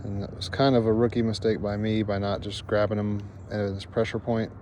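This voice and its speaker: A man's voice: on the low side, a little fast. A man vlogging his fishing trip on a lake, giving casual, chatty commentary in an easygoing, self-deprecating way. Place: outdoors on a lake, fishing from a paddled boat. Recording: outdoor recording with steady background noise.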